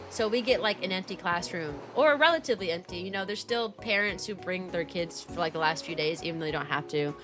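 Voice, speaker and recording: A young woman talks in a casual, rambling way, full of fillers and restarts. Her voice is bright and clear, and it leaps upward now and then. Soft music plays faintly in the background. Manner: rambling, filler-heavy storytelling with sudden high-pitched jumps. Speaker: VTuber streamer and kindergarten teacher. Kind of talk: casual chat stream.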